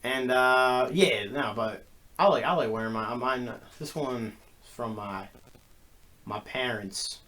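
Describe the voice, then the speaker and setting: A man's voice: mid-range voice, slow, bright, forceful tone. A man in his twenties co-hosting a podcast, chatting casually and telling rambling, laid-back stories. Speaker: podcast co-host. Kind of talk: casual chat.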